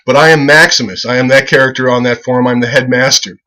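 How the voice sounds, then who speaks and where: A comedian rambling casually as he pitches a website, profane and excitable, who keeps breaking into laughter at his own jokes. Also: fast talker, rough recording. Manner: profane, excitable, loose storytelling.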